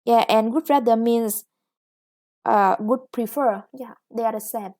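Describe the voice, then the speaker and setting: A woman English teacher with a Vietnamese accent, explaining grammar in a recorded lesson, slow and patient with many "yeah" and "okay". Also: on the high side, fairly even intonation, darkish tone.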